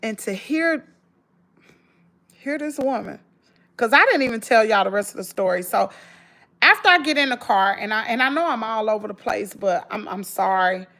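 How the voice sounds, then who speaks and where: A woman's voice: on the high side, expressive, normal speed, fairly bright tone. A woman with a Southern US accent, telling an emotional story straight to her viewers in an emphatic, rambling way, full of restarts. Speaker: vlogger.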